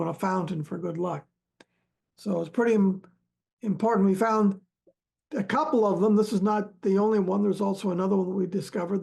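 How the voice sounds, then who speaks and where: A man, an archaeologist, telling stories from his digs in a relaxed, halting way, full of fillers and small chuckles. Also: high voice, creaky. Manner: halting, many fillers and restarts, chuckles often. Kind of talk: relaxed storytelling chat.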